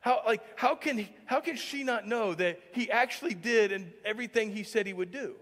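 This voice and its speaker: High-voiced male pastor in a reverberant church. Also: a little fast. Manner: conversational, heavy use of filler "like"; swings from hushed to loud and emphatic. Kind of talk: sermon. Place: church sanctuary. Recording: long church-hall reverb.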